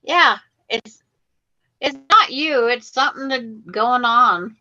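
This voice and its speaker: A woman's voice: a little high, slow, bright, forceful tone, no echo. A woman hosting a casual video-call chat, giving running commentary on what she sees on screen. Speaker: livestream host. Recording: muffled, dry online call audio.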